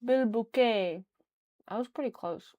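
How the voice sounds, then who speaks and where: A young woman streams and chats casually, rambling from thought to thought with plenty of fillers. Her voice sits in a middle pitch. It is recorded close on a desk mic, dry with no room sound. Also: unhurried, dry recording, highs cut off. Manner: rambling, chatty, frequent fillers and laughs. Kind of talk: casual livestream chat.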